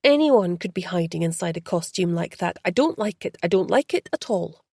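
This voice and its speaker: A woman reading the part of a tense young female detective who speaks low and uneasily, with a gravelly, dark voice. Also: animated, moderate pace, no room sound, clean studio sound, exaggerated voice. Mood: uneasy.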